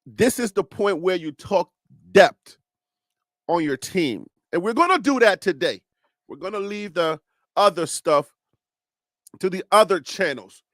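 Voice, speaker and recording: Animated man with a Liberian accent, high voice. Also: a little slow, pauses often, no echo. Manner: animated, laughs often, talks straight to viewers. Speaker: host. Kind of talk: casual sports talk livestream.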